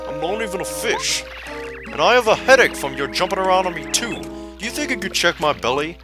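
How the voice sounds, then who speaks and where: A man's voice: high voice, big pitch swings, fairly quick, music in the background. A man voicing a big male whale with a bellyache, pleading and complaining.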